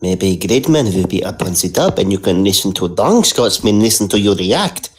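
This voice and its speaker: A man's voice: on the low side, sing-song, moderate pace. A Scottish man dropping into a podcast call while tipsy, bantering playfully and calling others dear. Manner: playful, mock-formal, calls others dear. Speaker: podcast regular making a cameo. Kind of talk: casual banter. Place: online voice call.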